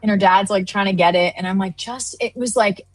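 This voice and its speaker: A woman's voice: mid-range voice, fairly quick, no echo. Chatty woman telling a funny story. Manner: chatty storyteller, animated quoted voices. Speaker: co-host of a live trading stream. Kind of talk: casual chat.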